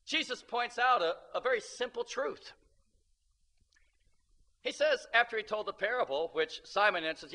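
A male preacher with a high-sitting voice retells a scripture story in his sermon at normal speed, pausing often. He's animated and emphatic, calling out to the congregation for amens.

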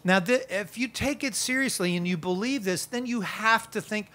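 A man pastor preaching a sermon at an outdoor worship gathering, conversational and energetic with playful asides. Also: sits high, moderate pace, few pauses.

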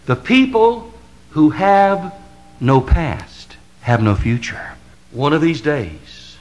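A man's voice: mid-range voice, rough recording. Fiery Southern-drawled preacher man. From American South. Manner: impassioned, building to emphatic crescendos; repetitive rhetorical cadence with drawn-out stresses. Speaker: pastor.

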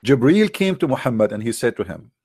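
In a dry, studio-quality recording, a mid-range male voice, sing-song, quick, slightly mellow and a bit rough, runs a religious debate. He argues mockingly and emphatically, circling back to the same points again and again.

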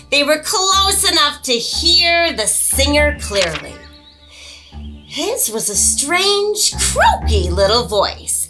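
A woman hosting a children's storytime, reading a picture book aloud and explaining words along the way. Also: on the high side. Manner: slow, lively and expressive, explains words. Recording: music playing behind.

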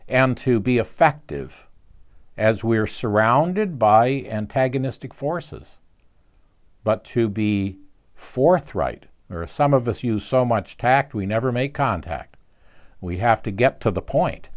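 A man giving a short devotional talk, telling a story in an earnest, gently preaching way. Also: lowish voice.

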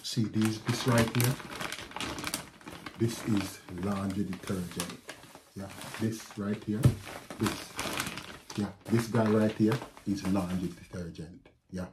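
A man with a Jamaican accent, telling a personal story to his viewers in a lively vlog, often calling out to them. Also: on the low side, background noise. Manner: animated, addresses viewers as guys. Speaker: vlogger. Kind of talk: casual storytelling to camera.

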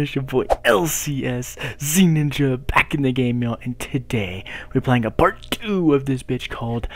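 A young man giving loud, profane gameplay commentary, hyped up and talking back to the game on screen. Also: medium pitch, normal speed, few pauses, background noise. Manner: loud, hyped, swears constantly, talks to the game. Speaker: gaming YouTuber.

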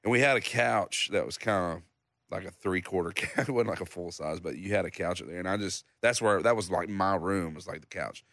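A songwriter in his thirties telling a story in casual chat, acting out other people's lines in a loud, high voice. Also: brisk, no room sound, clean studio sound. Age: 30s. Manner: animated storyteller, acts out loud high-pitched quotes of others. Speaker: songwriter guest.

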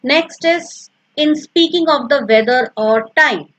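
High-voiced woman teaching slowly. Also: a bit bright, poor audio. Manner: patient, explains step by step, repeats examples. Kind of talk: recorded grammar lesson.

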